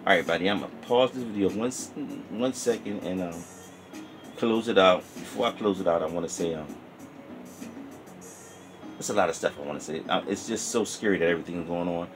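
Easygoing male toy vlogger, very low voice, rambling and sincere, music playing behind. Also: brisk. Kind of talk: casual toy review vlog.

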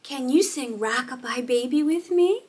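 A woman's voice: high-pitched, animated, moderate pace, a little mellow, husky. A woman hosting a toddler learning video, cooing and sounding out letters in an exaggerated, sing-song way. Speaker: children's teacher and host.

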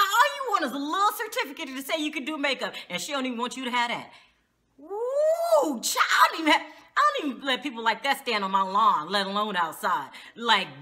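A woman's voice: a little high, sharp tone. A woman recapping a reality TV episode in a casual vlog, outspoken and slangy, with frequent exclamations. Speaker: TV show reviewer.

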